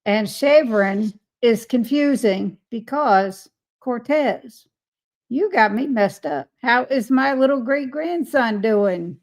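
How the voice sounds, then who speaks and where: A woman's voice: a little high, lively intonation, slow pace. A woman hosting a casual live stream, greeting viewers by name and reading their chat comments aloud with frequent laughter.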